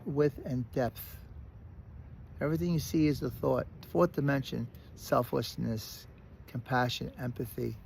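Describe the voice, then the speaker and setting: Gravelly Brooklyn man telling a story. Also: mid-range voice, slight background noise. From Brooklyn, New York. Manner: animated, restarts and repeats words. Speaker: recovery speaker. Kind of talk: casual storytelling monologue.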